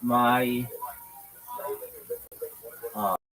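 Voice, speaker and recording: A man's voice: medium pitch, fairly even intonation, extremely slow, fairly bright tone, rough recording. A man hosting a livestream in casual chat, swearing and using slang as he rambles. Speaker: livestream host.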